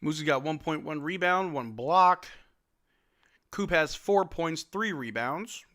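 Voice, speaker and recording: A man with a fairly high voice and a slow pace hosts a casual live watch-along of a game. He calls the play-by-play, reads chat questions aloud and answers them, and erupts with loud excitement at big plays.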